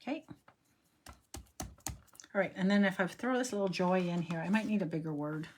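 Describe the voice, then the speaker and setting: A woman's voice: lowish voice, animated, moderate pace, darkish tone. Middle-aged female craft host, chatty and meandering, light background hiss. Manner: chatty, rambling, talks to herself while working. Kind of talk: casual crafting demo chat.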